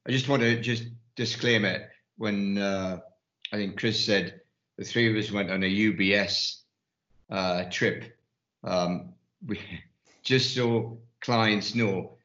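An investment firm partner from Newcastle, England, speaking with a Geordie accent, tells rambling anecdotes full of restarts in a casual panel discussion. His voice is lowish and a bit bright, in an echoey room with the highs cut off.

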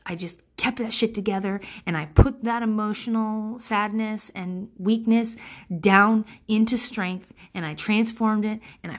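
Blunt, foul-mouthed woman in her thirties. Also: mid-range voice. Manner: blunt, heavy swearing, emotionally intense; rambling with many fillers and restarts. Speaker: vlogger. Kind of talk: candid personal monologue.

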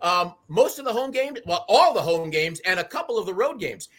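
A man's voice: high voice, very animated, fairly quick, a bit bright. A middle-aged man, passionately rallying fans on a sports talk show. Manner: fired-up, preachy, raises voice to rally fans.

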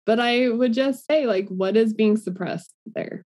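A woman's voice: a little high, a little slow, darkish tone. A woman co-hosting a podcast, musing casually and enthusiastically. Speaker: podcast co-host. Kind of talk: casual conversation.

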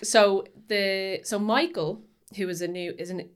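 A woman's voice: medium pitch, steady tone, measured pace, smooth. A young adult woman co-hosting a casual podcast chat, talking in a rambling way with many fillers and restarts. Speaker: podcast co-host. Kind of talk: casual chat about a film.

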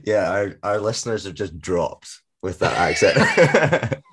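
A man from Scotland co-hosting a podcast, laid-back and quick to laugh. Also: fairly low pitch, sing-song, noisy background. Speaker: podcast co-host. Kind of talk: casual podcast chat.

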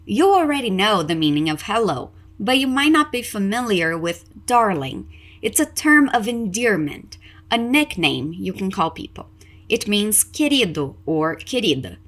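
Bright, animated English teacher woman. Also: medium pitch, measured pace. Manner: encouraging, clear and explanatory. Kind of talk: podcast language lesson.

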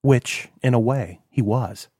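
Male narrator, measured, mid pitch, dry close read. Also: mellow, breathy edge, dry recording. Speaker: audiobook narrator. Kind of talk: scripted narration.

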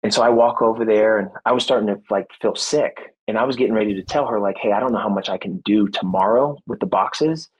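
A man in his thirties, a former football player, telling a personal story in a podcast interview, earnest and animated, acting out what people said. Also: fairly low pitch, fast talker, few pauses, slightly rough, highs cut off. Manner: faith-centered, reflective. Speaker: guest, former football player and motivational speaker.

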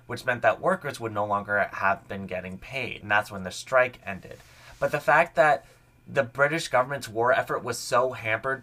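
A young man narrates a history podcast as its host, his mid-range voice bright and forward. He's chatty and eager about the topic, relaxed and conversational throughout.

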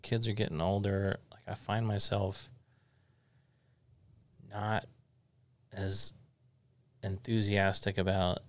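A man's voice: on the low side, little pitch movement, slow pace, long pauses. A middle-aged man hosting an interview, chatting in an easygoing, rambling way as he thinks aloud. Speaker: podcast host. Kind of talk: casual interview chat.

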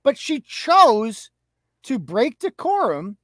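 Scornful, profane woman co-host, lively pitch. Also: slow pace, dry recording. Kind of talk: heated live-show commentary.

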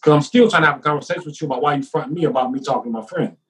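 Slangy guy telling a story on a podcast, gets animated, sits back from the mic. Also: a little high, rapid-fire, recorded from a distance. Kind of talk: casual podcast conversation.

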